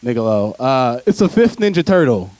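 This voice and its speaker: A man's voice: medium pitch, very animated, moderate pace, darkish tone, slight background noise. A man performing a stand-up comedy set on stage, talking loosely and chatting with the crowd between jokes. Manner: loose, conversational delivery with frequent laughs and asides to the crowd. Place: theater stage before a live audience.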